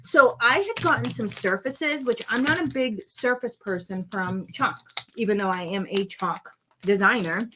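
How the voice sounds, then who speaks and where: A woman's voice: a little high, moderate pace, background noise. Woman crafting vlog host, 30s-40s, chatty and meandering, teasing with chat. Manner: chatty, rambling, playful with viewers. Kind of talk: casual livestream chat.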